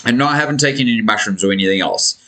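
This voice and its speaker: Speaking at a racing pace, a crypto streamer talks to his audience like friends, yawning from tiredness and drawing out words for emphasis. His medium-pitched voice sounds pushed and bright. The rough recording was made at home with a fan whirring.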